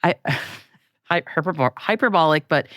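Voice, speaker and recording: A woman co-hosting a podcast in casual chat, animated and laughing often, with frequent restarts. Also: deep voice, measured pace, no room sound, clean studio sound. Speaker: podcast co-host.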